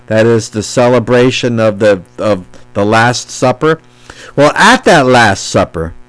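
A man's voice: mid-range voice, poor audio. A middle-aged man preaching a sermon, reading scripture aloud and stressing it with emphasis. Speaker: pastor.

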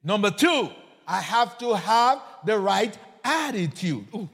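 High-voiced man preaching with shouts. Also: big pitch swings, slow, gravelly, breathy edge. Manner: call-and-response questions and repeated words, rising to shouts. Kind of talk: sermon. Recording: long reverb of a large hall.

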